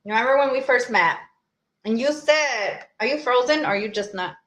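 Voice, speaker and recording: A woman's voice: fairly high pitch, animated, moderate pace, fairly bright tone, reverberant. A woman co-hosting a podcast over a video call, talking in an earnest, encouraging way and laughing easily. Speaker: podcast co-host. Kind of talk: casual chat.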